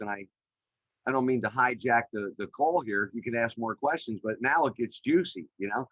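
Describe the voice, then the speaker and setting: A middle-aged man, a podcast guest, telling his career story in an energetic, chatty way with many fillers over a video call. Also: mid-range voice, moderate pace, no room sound, lo-fi sound. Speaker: podcast guest, real estate developer. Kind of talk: animated storytelling in an interview. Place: remote call.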